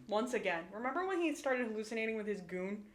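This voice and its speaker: A woman's voice: on the high side, big pitch swings, fairly quick. A woman co-hosting a casual show recap, swearing a lot and retelling scenes in playful mock voices. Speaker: podcast co-host. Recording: echoey room with faint ambient noise.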